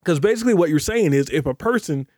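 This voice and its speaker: Emphatic preacher man, warm dark voice. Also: lively intonation, dry recording, studio quality. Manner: emphatic preaching, voices imagined questioners in a high pitch; slows down to stress scripture. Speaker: pastor. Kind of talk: podcast sermon.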